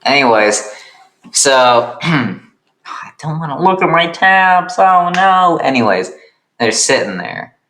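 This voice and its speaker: A man improvising comedic narration for his own animated series, rambling and making self-deprecating asides. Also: on the high side, slow pace, long pauses.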